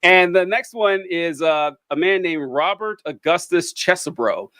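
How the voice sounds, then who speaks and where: A man hosting a casual chat, telling animated stories and laughing often. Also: sits high, unhurried, no echo. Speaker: host.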